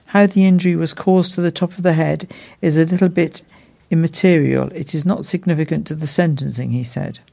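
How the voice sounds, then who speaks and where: A man reads out a local court report. His voice sits a little high for a man and has a gravelly, creaky texture. He keeps a measured, formal newsreading pace. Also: steady tone, warm tone. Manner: measured, formal reading with small stumbles. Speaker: news reader. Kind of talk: read court news report.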